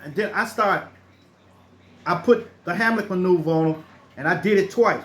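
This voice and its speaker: High-voiced man telling a story. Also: animated, normal speed, pauses often, fairly bright tone. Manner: rambling with frequent restarts, acts out the people in his stories. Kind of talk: casual spoken storytelling.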